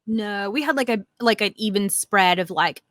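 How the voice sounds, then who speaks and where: A woman's voice: mid-range voice, moderate pace, no room sound. Chatty storytelling woman, dry close sound. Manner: animated storytelling, lots of "like" fillers, acts out quotes. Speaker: podcast co-host. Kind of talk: casual nostalgic chat.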